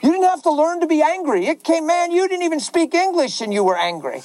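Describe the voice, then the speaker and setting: High-voiced guy preaching hard, super passionate and emotional, answering questions. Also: very animated, brisk, a little mellow, dry recording, poor audio.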